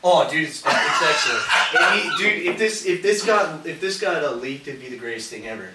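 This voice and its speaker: A man's voice: a little high, animated, normal speed. A man on a podcast telling a rambling story, swearing freely and saying "dude" all the time. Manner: rambling, profane, says "dude" constantly. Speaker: podcast co-host. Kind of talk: casual storytelling chat. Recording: roomy, distant mic with hiss.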